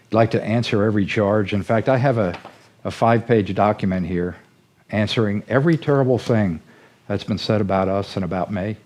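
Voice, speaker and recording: A middle-aged man with a low, mellow voice, telling a folksy story in the earnest manner of a sermon. He speaks as a ministry leader addressing his listeners. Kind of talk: storytelling sermon-style talk.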